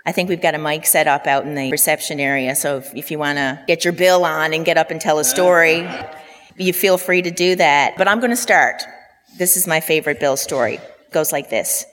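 A woman in her fifties from Newfoundland delivers a eulogy for her father. She speaks with a low voice, telling fond, heartfelt stories. The long reverb of a hall trails each word. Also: brisk, fairly bright tone. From Newfoundland, Canada. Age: 50s. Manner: heartfelt storytelling with fond asides. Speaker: daughter giving a eulogy. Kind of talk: funeral eulogy. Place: funeral hall.

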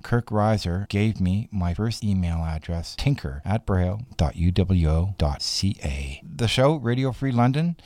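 Dark-voiced middle-aged radio host. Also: male voice, lowish voice, dry recording. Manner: easygoing, rambling. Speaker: late-night campus radio host. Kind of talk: radio show introduction. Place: radio studio. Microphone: studio microphone.

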